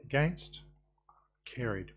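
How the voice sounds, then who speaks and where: A man chairing a council committee meeting, brisk and procedural with dry quips. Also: mid-range voice, expressive, slightly rough. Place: council chamber.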